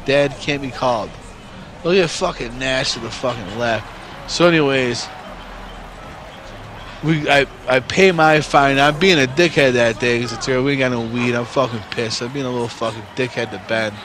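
A man's voice: medium pitch, normal speed, background noise. A man in his forties from New York State telling a story casually, rambling and swearing constantly. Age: 40s.

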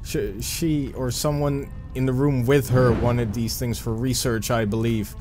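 A man casually commenting on his own gameplay, rambling and self-deprecating, with sudden excited outbursts. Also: medium pitch, a little slow, music in the background. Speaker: let's play gamer.

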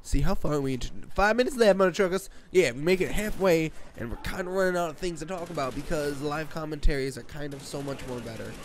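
A young man in his late teens doing rambling, jokey gameplay commentary from his bedroom, excitable and prone to sudden screams. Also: on the high side, fast talker, hardly any pauses, a little hiss or hum. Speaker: gaming channel host. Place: own bedroom.

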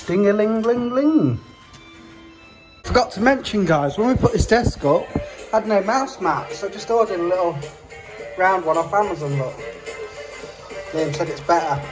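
A man's voice: normal speed, over music. A middle-aged man chatting casually to camera in a family vlog, teasing his kids and pets. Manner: chatty, teasing, lively swings into high sing-song voice with pets and kids. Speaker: vlogger, father. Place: home garden outdoors.

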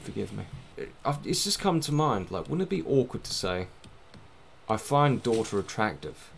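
A man's voice: medium pitch, very animated, normal speed, gravelly, a little hiss or hum. A man giving casual, rambling, self-mocking commentary while playing a game, swearing now and then. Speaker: gaming let's-play host.

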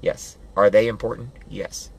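A man giving a loud, preachy motivational pep talk, hammering home rallying commands and building up to yelling. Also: on the low side, little pitch movement, a little slow, creaky, slightly rough. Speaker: motivational vlogger.

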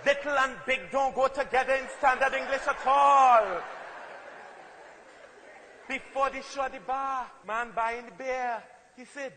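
A Trinidadian man performs a comic monologue, playful and emphatic as he acts out everyday voices. His voice sits very high and sounds bright and forceful. It rings with a long hall reverb over faint noise. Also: fairly even intonation, moderate pace. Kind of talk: comic spoken-word performance.

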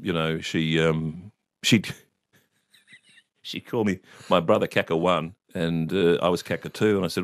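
A man with an Australian accent, a guest telling stories in an interview with lively, laughing delivery. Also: sits low, measured pace, dry recording, clean studio sound. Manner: animated anecdote-telling with laughs. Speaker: actor and author guest. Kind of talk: storytelling interview.

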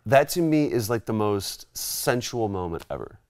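A man's voice: fairly low pitch, lively intonation, normal speed, a little mellow, dry recording, clean studio sound. Playful man riffing over a video game. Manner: goofy, riffing, slips into silly bits. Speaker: voice actor playing a video game. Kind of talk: casual gameplay banter.

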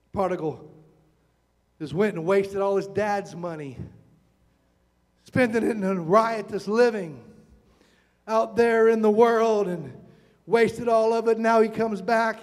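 A male pastor preaching a sermon, building from calm storytelling to shouted, impassioned passages. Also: sits high. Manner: preaching with rising shouted passages and dramatic quotes. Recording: reverberant church hall.

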